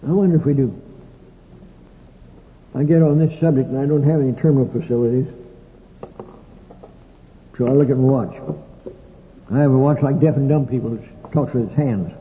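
A man's voice: medium pitch, moderate pace, long pauses, slight background noise. An older man preaching a sermon in a folksy storytelling manner with dry humorous asides. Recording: tinny, echoey old hall recording.

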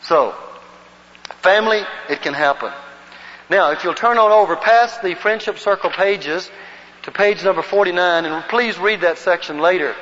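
High-voiced man teaching in a reverberant hall. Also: moderate pace, a bit bright. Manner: earnest storytelling, leads group recitation. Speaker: evangelism teacher. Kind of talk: church teaching session with personal story. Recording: muffled recording in a long-reverb hall.

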